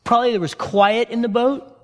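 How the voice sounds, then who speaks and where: A man preaching a sermon as a pastor, telling the story in an animated way and calling his listeners friends. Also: very high voice, a little fast. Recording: long reverb of a large hall.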